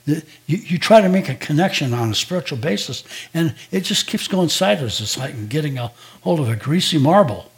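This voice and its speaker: A man's voice: on the high side, lively intonation, a little fast. An older man, a pastor, preaching a sermon in a conversational, storytelling way, acting out quoted dialogue.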